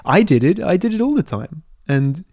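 Mellow-voiced young man, rambling. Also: on the high side, moderate pace, no room sound, studio quality. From London, England. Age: 20s. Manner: rambling, hesitant, deadpan absurd humor. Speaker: podcast host. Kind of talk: casual solo podcast answering listener questions.

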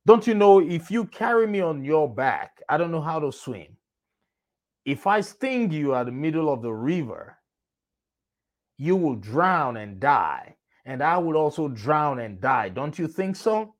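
A man's voice: on the high side, very animated, unhurried. A man doing a cunning, coaxing scorpion. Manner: smooth, persuasive coaxing.

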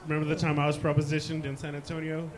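A man co-hosting a podcast, cutting in with rapid-fire follow-up questions in casual chat. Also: on the high side, completely flat delivery. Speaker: podcast co-host. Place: sports bar. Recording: bar crowd behind.

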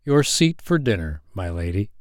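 A male narrator doing a playful young man in an audio story, confident and jokey, with a low voice. He gives easy little orders with a grin in them. The sound is dry and close. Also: sing-song, normal speed, no room sound. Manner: teasing, jokey, upbeat and commanding.

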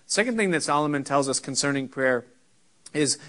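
Bright-voiced pastor preaching a sermon. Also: male voice, fairly high pitch, expressive. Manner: earnest, conversational teaching with pauses.

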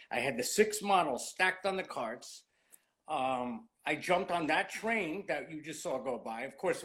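A man in his late fifties, a cigar industry veteran, telling rambling, lively anecdotes in a casual interview, full of "you know" asides. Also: mid-range voice. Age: 50s.

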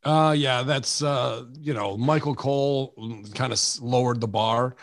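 A man's voice: mid-range voice, a little slow, vocal fry, no room sound. An American man in casual podcast chat, ranting bluntly with lots of swearing and mocking impressions. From United States.

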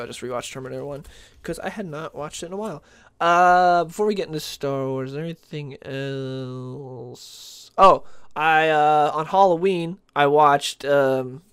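A man's voice: fairly high pitch, smooth. A man hosting a podcast in casual chat, rambling with many fillers and restarts. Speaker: podcast host.

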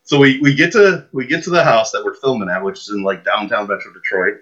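Fast and husky, with a fairly low pitch, this man is a podcast guest relating a long casual anecdote. He's an animated storyteller who acts out the people in the tale and his own lines, captured in muffled lo-fi audio.

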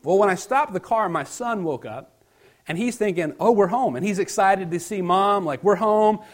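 Middle-aged male pastor, slightly high voice, relaxed storytelling sermon with quiet emphatic drops. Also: moderate pace.

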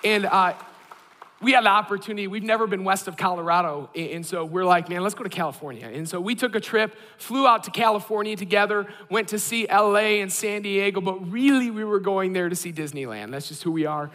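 A man in his thirties preaching a sermon, an animated and self-deprecating storyteller. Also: high-pitched, a little fast, long reverb tail. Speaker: pastor.

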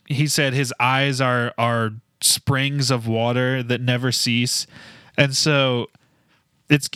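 A man co-hosting a casual Bible discussion podcast, presenting fun facts in a relaxed, explanatory way. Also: mid-range voice, clear, resonant tone, no room sound, clean studio sound. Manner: relaxed, explanatory, a few filler restarts.

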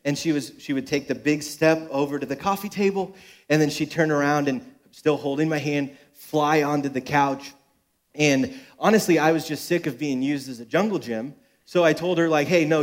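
Young man, church pastor; relaxed joking sermon delivery, slightly higher pitch. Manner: joking, self-deprecating storytelling. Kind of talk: sermon with personal stories. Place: church service.

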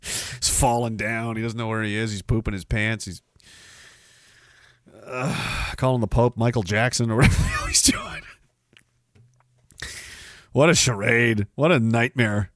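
A man from Canada hosting a podcast, ranting with sarcasm and scorn. His voice sits at an ordinary middle pitch, and it is recorded dry and close, with no room echo. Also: expressive, unhurried, long pauses, fairly bright tone. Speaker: podcast host. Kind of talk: ranting livestream commentary.

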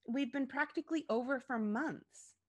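An evasive young boyfriend in a read-aloud story, voiced by a woman narrator. He talks in an apologetic, smoothing-over way, only lightly acted. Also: high voice, normal speed, pitched above the performer's own voice.

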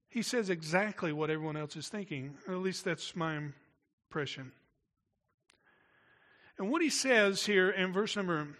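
Middle-aged male pastor, slightly high bright voice, chatty sermon delivery with asides. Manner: conversational, asides to the congregation.

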